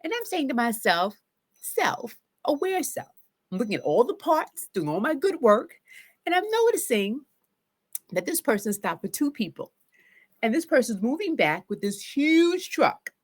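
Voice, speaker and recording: Animated woman telling a story. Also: high voice, unhurried. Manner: animated, acts out her own shouts and self-talk. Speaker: therapist. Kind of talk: casual storytelling to camera.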